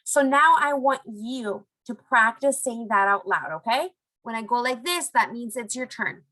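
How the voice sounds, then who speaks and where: Woman, young adult, elementary language teacher; higher bright voice, patient and encouraging. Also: lively intonation, poor audio. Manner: encouraging, slow modelling of phrases. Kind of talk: recorded online lesson for young students.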